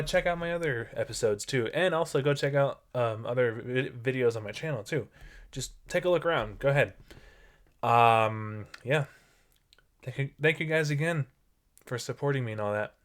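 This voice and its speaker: A young man in his twenties hosting a solo podcast, chatting in a rambling way and dropping to whispers for his asides. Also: medium pitch. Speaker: podcast host. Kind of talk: casual solo podcast talk.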